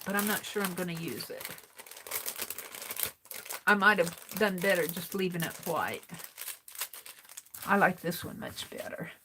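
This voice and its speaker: A woman's voice: mid-range voice, fairly bright tone, slight background noise. An American woman hosting a craft livestream, chatting casually and muttering to herself as she sorts through supplies.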